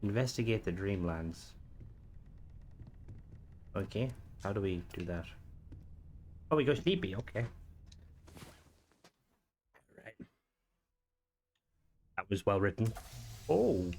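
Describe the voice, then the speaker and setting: A man's voice: deep voice, very animated, takes it slowly, pauses often, slight background noise. A man giving casual gameplay commentary while reviewing a game mod, thinking aloud and reacting as he plays.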